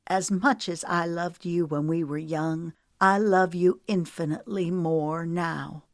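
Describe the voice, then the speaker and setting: An older wife, spirited and emotional, who enunciates with emphasis, as a woman narrator plays her. Her voice is low and measured, recorded dry and close to the mic. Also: steady tone, dry recording. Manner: emphatic, quivering.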